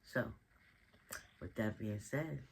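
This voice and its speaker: A man's voice: fairly low pitch, takes it slowly, gravelly, slight background noise, low-quality recording. Man casually recapping a TV episode. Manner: slangy, chatty storytelling with frequent asides. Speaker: TV show recap host.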